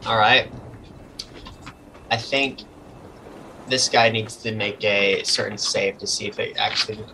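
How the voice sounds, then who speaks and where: A man's voice: lowish voice, fairly even intonation, a little slow, noisy background. A man narrating a tabletop game as game master in a loose, casual way.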